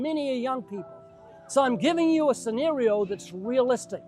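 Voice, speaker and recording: A man's voice: extremely high pitch, expressive, fairly quick, darkish tone, soft background music. A man preaching one-on-one to a stranger in an earnest, urgent way, often calling him by name. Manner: addresses the listener by name. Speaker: street evangelist.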